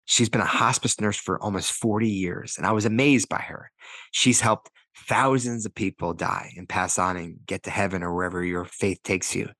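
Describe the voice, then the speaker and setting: A man's voice: on the low side, steady tone, normal speed, bright, forceful tone, no echo. A man in his forties giving a motivational talk, walking through numbered points with personal stories and acted-out quotes. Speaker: motivational speaker and author.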